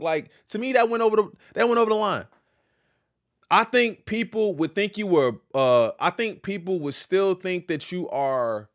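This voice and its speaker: A young man hosting a hip-hop news reaction stream, casual and slangy, breaking into loud outbursts and quick asides to his chat. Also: sits high. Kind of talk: casual live-stream reaction, reading a legal filing aloud.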